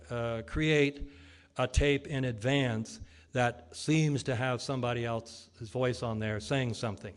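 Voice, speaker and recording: A man giving a public lecture in an argumentative way, posing rhetorical questions and pausing with frequent ums and uhs. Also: mid-range voice, clean tone.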